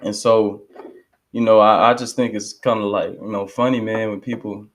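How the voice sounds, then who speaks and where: A man's voice: fairly low pitch, little pitch movement, normal speed, slight background noise. Emphatic man in casual commentary. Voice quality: conversational, emphatic, lapses into quoting others. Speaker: channel host reacting to a speech.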